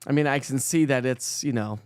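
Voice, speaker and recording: A Colorado man hosts a casual morning weather live stream, chatting with viewers, poking fun at himself, laughing often, and tripping over words. His mid-range voice is brisk and darkish, in clean studio sound with no room noise.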